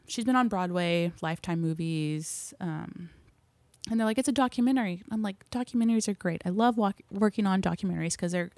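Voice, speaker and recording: A woman's voice: lowish voice, a little mellow, dry recording. A young woman, a film crew member chatting in a casual interview, telling stories animatedly with lots of fillers.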